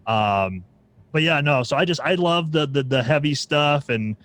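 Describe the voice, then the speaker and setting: A man's voice: on the high side, animated, moderate pace, a bit bright. A man hosting a music podcast, chatting casually and rambling through his points. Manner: rambling, full of restarts and fillers. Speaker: podcast host.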